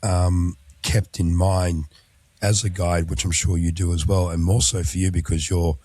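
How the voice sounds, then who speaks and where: A very low-voiced man hosts a conversation about travel, speaking in a measured, reflective way with small fillers. His voice sounds dry and close, with little room around it. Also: flat delivery, mellow, no room sound. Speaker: interview host, former tour guide. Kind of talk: conversational interview.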